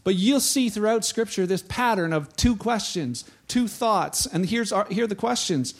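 A pastor preaching a sermon in a conversational, animated way, speaking straight to his congregation. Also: high-pitched, moderate pace, hardly any pauses.

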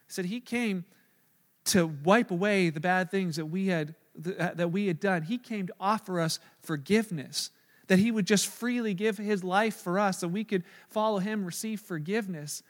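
A pastor with a high voice, recorded with a big-room sound, earnestly retells a conversation from a hospital as sermon storytelling. His delivery has frequent fillers and restarts.

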